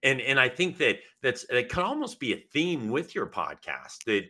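A man hosting a podcast interview, talking in an animated, casual way with frequent restarts. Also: mid-range voice, moderate pace. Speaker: podcast host.

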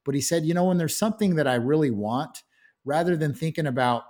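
A man's voice: a little high, animated, fairly quick, a little mellow. A man speaking as a guest in a casual interview, earnest, with frequent restarts and "you know".

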